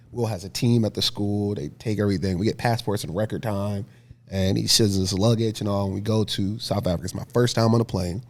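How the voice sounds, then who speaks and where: A man in his thirties from Philadelphia, speaking as a podcast guest. His voice sits fairly low, and he tells his story with animated energy, laughing and acting out the scenes. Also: brisk. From Philadelphia, USA. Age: 30s. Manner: lively, laughing storyteller who acts out scenes. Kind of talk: casual storytelling interview.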